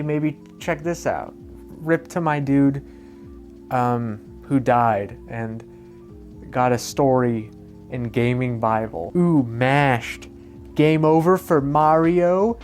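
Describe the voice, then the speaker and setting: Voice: mid-range voice, a little mellow. Rambling sarcastic commentary vlogger. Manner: rambling, sarcastic, swears freely, self-deprecating. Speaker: commentary YouTuber. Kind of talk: casual reaction commentary.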